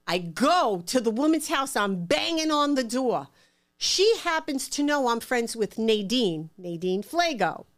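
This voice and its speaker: Middle-aged new york lady spinning animated stories, plays out the voices. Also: fairly high pitch, unhurried. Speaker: interview guest. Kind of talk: casual storytelling.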